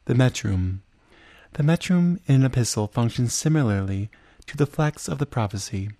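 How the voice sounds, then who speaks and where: A man teaching liturgical chant, explaining each step in a measured way and then singing chanted examples. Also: medium pitch, mellow, no room sound. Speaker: chant instructor. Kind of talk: spoken lesson with sung examples.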